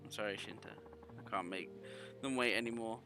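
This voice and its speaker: A man voicing a young girl who is moving away, read aloud in a soft, regretful way. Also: on the low side, brisk, music in the background, lightly acted. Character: young girl leaving with her family.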